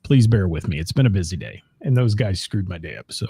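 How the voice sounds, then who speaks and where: A man's voice: low-pitched, very animated, brisk, gravelly, dark tone, breathy edge, dry recording. A middle-aged man from Ohio, co-hosting a casual live-streamed chat from home and greeting viewers by name. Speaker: co-host of a live-streamed talk show.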